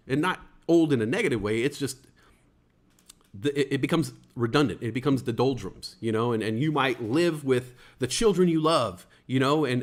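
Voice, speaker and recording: A man hosting a casual livestream talk show, rambling and joking, with many fillers and stuttered restarts. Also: mid-range voice. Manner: jokey, playful wordplay.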